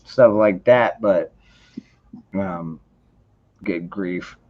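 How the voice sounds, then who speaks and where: A man hosting a casual livestream, talking in an unhurried, rambling way, full of restarts and casual swearing. His voice comes through dull and lo-fi, like muffled stream audio. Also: low-pitched. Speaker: livestream host. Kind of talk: casual chat.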